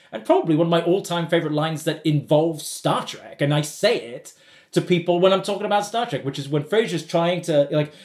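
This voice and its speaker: A man co-hosting a podcast in casual chat, animated and acting out quoted lines. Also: on the high side. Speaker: podcast co-host. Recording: roomy echo.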